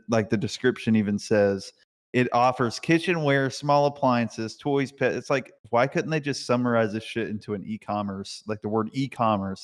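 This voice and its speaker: A man ranting excitedly and swearing a lot while chatting on a live voice call. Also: on the low side, long reverb tail. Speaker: caller in a live voice chat. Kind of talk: casual chat.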